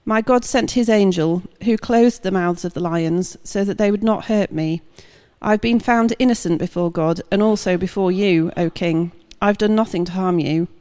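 A woman reading scripture aloud, voicing a calm, faithful male prophet in a plain, lightly voiced way. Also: mid-range voice, normal speed, hardly any pauses, long reverb tail, close to an everyday voice.

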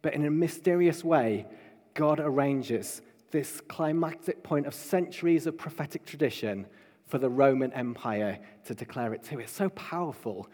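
A man preaching a sermon to his congregation, building emphatically to loud proclaiming peaks. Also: a little high, normal speed. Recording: long hall reverb.

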